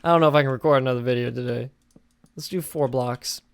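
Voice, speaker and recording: Tired, chatty young gamer with a dry mic. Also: male voice, mid-range voice, fast talker, smooth, no room sound. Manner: rambling and chatty, with filler words and restarts. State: tired and sleepy. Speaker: gaming channel host. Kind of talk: casual game commentary while building.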